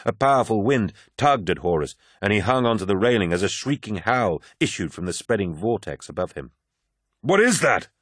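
Low-voiced man narrating an audiobook. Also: lively intonation, brisk, hardly any pauses, no echo, clean studio sound. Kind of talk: scripted narration.

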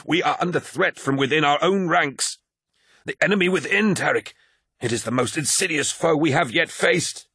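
A man reading an audiobook, voicing a scheming male warrior who speaks in a measured, menacing way. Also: fairly high pitch, pushed and bright, breathy edge, no echo, clean studio sound, pitched above the performer's own voice. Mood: urgent. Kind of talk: audiobook character voice.

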